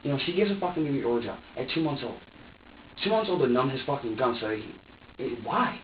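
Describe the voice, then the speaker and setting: A man's voice: medium pitch, animated, quick pace, slight background noise. A man in a police interrogation, talking in an agitated, profane rant. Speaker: suspect. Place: interrogation room. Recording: dull echoey room audio from a distant mic.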